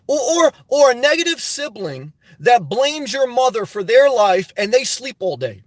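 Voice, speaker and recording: A man with a notably high voice talks to his livestream audience in a motivational, preachy style. He hammers his points home by repeating them and addressing listeners directly. The sound is close and dry. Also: very animated, moderate pace, few pauses, dry recording. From New Jersey. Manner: preachy, emphatic, repetitive exhortation. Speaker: livestream host.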